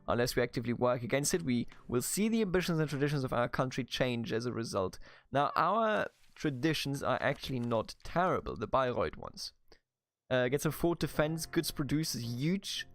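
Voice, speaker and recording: A man's voice: mid-range voice, lively intonation, normal speed, fairly bright tone. Chatty German man narrating a strategy game. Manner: chatty, jokey, thinks aloud with restarts. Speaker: gaming YouTuber. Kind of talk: strategy game let's play commentary.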